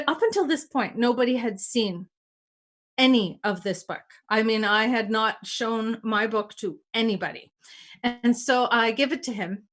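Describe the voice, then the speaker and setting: Woman host chatting and telling stories, lively, acts out what people said, voice sits a bit high. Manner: animated, acts out quoted dialogue. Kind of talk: casual storytelling talk.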